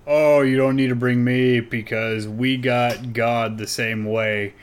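A brash man trading rowdy stories on a podcast, swearing freely. His voice sits at an ordinary, mid-range pitch. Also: fairly even intonation, takes it slowly, a little hiss or hum. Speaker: podcast co-host. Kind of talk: casual storytelling chat.

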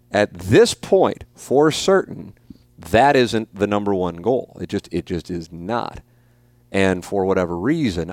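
A man's voice: fairly low pitch, a little mellow, no echo. Blunt, profane man in his forties. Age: 40s. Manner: blunt, profane and emphatic, with frequent repeats. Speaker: podcast host. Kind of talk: casual podcast chat answering listener questions.

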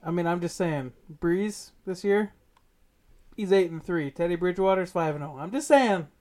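A man with a slightly high voice co-hosts a casual sports talk show. He is blunt and teasing, and he hammers his points home with emphasis. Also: fairly even intonation, moderate pace, darkish tone. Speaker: podcast co-host.

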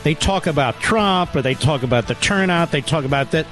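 A man's voice: on the high side, animated, fairly quick, fairly bright tone, soft background music. A man hosting a talk radio show, indignant and emphatic, repeating his points for effect. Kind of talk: talk radio monologue and calls.

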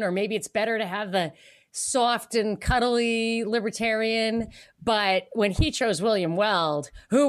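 A woman co-hosting a podcast in casual political chat, animated, laughing often and acting out the people she quotes. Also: a little high. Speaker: podcast co-host.

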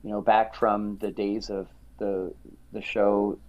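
Lively middle-aged male singer telling stories. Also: lowish voice, slow pace, highs cut off. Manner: lively, acts out quoted voices, frequent restarts. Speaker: singer being interviewed. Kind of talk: animated storytelling interview chat.

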